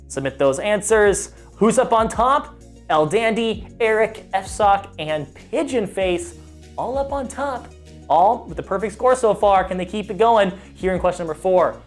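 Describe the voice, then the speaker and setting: A man's voice: sits high, animated, normal speed. Man, trivia host, chatty, self-deprecating, fumbles names, faint music underneath. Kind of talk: live-streamed trivia hosting.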